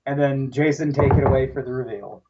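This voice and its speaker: A man's voice: medium pitch, fairly quick, noisy background. A man co-hosting a casual movie podcast, rambling and restarting as he recalls scenes. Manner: rambling, restarts, laughs along. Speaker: podcast co-host. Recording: dull distant mic.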